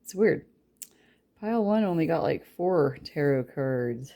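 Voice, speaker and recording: A woman's voice: sits low, lively intonation, measured pace, dark tone. A woman giving a casual tarot reading, chatty and rambling, with a light Southern drawl that slips in. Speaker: tarot reader.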